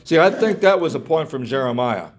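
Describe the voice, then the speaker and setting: A man's voice: mid-range voice, lively intonation, a little fast, a little hiss or hum. A man preaching a sermon in an earnest way, repeating himself, restarting phrases and asking his listeners rhetorical questions.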